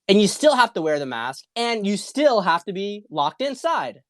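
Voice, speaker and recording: A man's voice: high voice, big pitch swings, moderate pace, no room sound, clean studio sound. Profane, fired-up man ranting. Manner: rambling, repetitive, fired-up and profane. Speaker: political commentary host. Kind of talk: casual livestream monologue.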